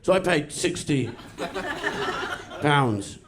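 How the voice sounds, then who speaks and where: A man doing a stand-up comedy routine on a club stage, with a sardonic, deadpan delivery and crude jokes. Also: a little high, very slow. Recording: noisy live club recording. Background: audience laughter.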